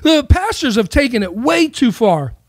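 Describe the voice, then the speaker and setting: A man's voice: extremely high pitch, sing-song, moderate pace, dry recording, clean studio sound. Man rambling with rhetorical questions. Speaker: Christian speaker. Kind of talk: casual monologue on faith.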